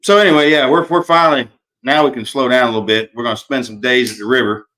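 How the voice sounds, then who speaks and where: A man's voice: mid-range voice, fast talker, pushed and bright. A man hosting a casual live-stream chat, telling folksy stories and swearing freely. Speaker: podcast host and author.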